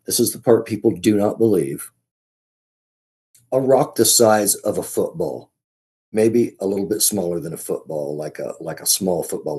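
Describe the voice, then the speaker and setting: A man as a podcast guest, telling a story in a casual, halting way, often restarting and repeating his words. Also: low voice, mellow, slightly rough.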